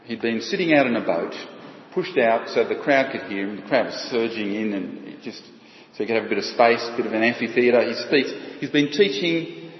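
A man preaching a sermon, halting and often repeating words as he restarts. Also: medium pitch, lively intonation. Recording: dull, echoey hall with long reverb.

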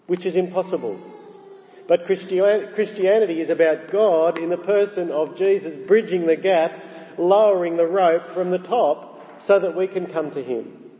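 A man preaching a sermon, emphatic, rising on key phrases and slowing down for weight. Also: a little high. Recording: dull sound with long hall reverb.

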